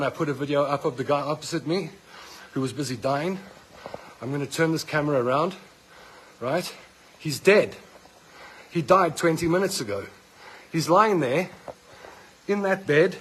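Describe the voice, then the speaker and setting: Ranting angrily into his handheld phone, a middle-aged South African patient films in a hospital ward. His voice is on the high side and a bit bright, with echoey big-room sound and slight background noise in poor audio. He sounds indignant, accusing and fired up, speaking South African English.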